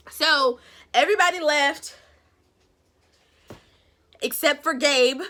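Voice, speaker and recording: Woman vlogger, high bright voice, sassy and animated, casual episode recap. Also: unhurried, long pauses. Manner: animated, sassy, acts out characters' lines.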